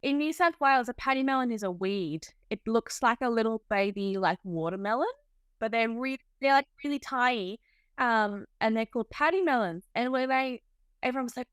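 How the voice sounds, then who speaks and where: Relaxed Australian woman, a midwife guest. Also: fairly high pitch, brisk, smooth, dry recording, clean studio sound. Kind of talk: casual interview chat.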